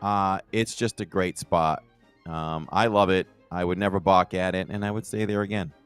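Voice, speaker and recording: A man co-hosting a casual podcast, animated and rambling, his voice jumping up when he gets excited. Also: low-pitched, normal speed, smooth, dry recording, faint music behind. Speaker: podcast co-host.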